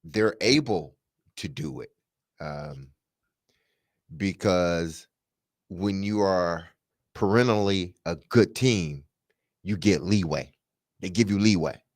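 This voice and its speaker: A man co-hosting a sports talk show, speaking unhurriedly with fillers and pauses. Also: low voice, no echo, clean studio sound.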